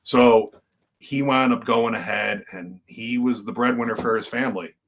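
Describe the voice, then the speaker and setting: A man's voice: mid-range voice, normal speed. A man, a podcast guest and wrestler, telling his story in earnest conversational style with many fillers and restarts.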